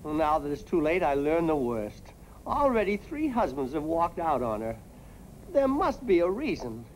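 A man's voice: fairly high pitch, huge pitch swings, normal speed, a little hiss or hum, poor audio. An actor playing a flustered middle-aged father who stammers through his excuses, in 1950s sitcom style.

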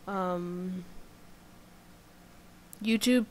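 A woman from India with an Indian accent giving let's-play commentary, excitable, muttering and whispering to herself between loud outbursts. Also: fairly low pitch, drawn-out words, a little hiss or hum. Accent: Indian English. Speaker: gamer.

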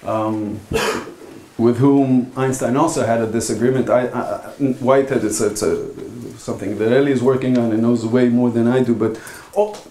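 Man, philosophy lecturer, academic conference talk, halting and thoughtful, roomy lecture hall sound. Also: mid-range voice, fairly even intonation, dark tone. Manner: halting, thoughtful delivery with frequent pauses.

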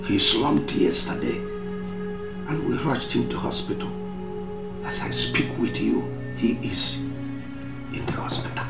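An actor playing a secretive chief in a royal court, speaking with a Nigerian accent in a slow, grave, hushed manner. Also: male voice, mid-range voice, lively intonation, roomy sound, over loud music.

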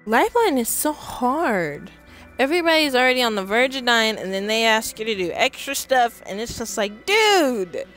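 A woman's voice: fairly high pitch, animated, moderate pace, a bit bright. A young woman streaming a game, ranting at it in frustration with laughs and sighs. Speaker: gaming streamer. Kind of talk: casual let's play commentary. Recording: game music playing behind. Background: game music.

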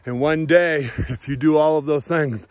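A man's voice: a little high, normal speed, dry recording. A man chatting playfully on a vlog outdoors in a park, grandiose and mock-preachy. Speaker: uncle joining the vlog. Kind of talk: casual vlog chat.

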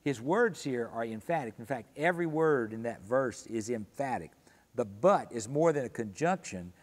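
A man teaching a Sunday school Bible study, explaining calmly and slowing down to read scripture passages with emphasis. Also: medium pitch, in a large hall. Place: church room.

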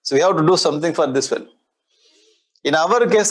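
Speaking as a swami, a man with a Tamil-influenced Indian English accent delivers a spiritual discourse, explaining Sanskrit verses line by line with playful mimicry. His pitch is fairly high and his pace a little fast.

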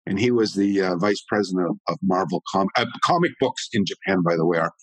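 A man in his sixties speaks in a low, slightly husky voice. He tells long, rambling stories as an interview guest with animated energy. The sound is dry, with no room echo. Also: brisk. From Canada. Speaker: guest, martial arts historian. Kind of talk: conversational storytelling.

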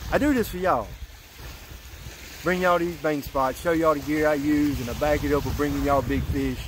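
Breathless high-voiced fishing vlogger. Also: male voice, background noise. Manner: excitable, breathless after a catch, Southern "y'all" slang. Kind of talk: excited outdoor vlog talk. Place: riverbank at night, outdoors.

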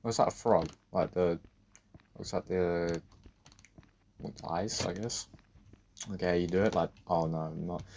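A man giving a let's-play commentary on a horror game, talking to himself, swearing and breaking into sudden loud outbursts. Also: sits low, creaky, slight background noise. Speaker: gaming video creator.

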